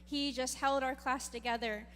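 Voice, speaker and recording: A woman's voice: sits high, steady tone, normal speed, a bit bright, a little hiss or hum. A woman who teaches fifth and sixth grade presenting awards at a graduation, praising each student. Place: graduation ceremony hall. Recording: reverberant hall, faint crowd.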